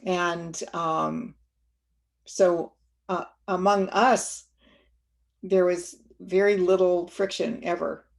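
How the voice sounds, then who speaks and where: A woman guest speaker telling a reflective story in a webinar, gentle and unhurried, with many fillers and restarts. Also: on the low side, steady tone, creaky.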